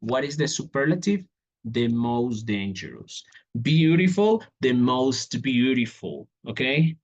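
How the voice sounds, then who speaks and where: A man's voice: mid-range voice, lively intonation, slow, muffled recording. Man teaching grammar, checking in often. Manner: repeats "okay?" often, walks through examples on a board. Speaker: English teacher. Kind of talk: online grammar lesson.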